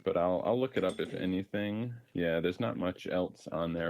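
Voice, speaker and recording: A man's voice: low voice, normal speed, darkish tone. A man co-hosting a casual coffee podcast, rambling and thinking aloud with many restarts. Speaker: podcast co-host. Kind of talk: casual chat, coffee tasting.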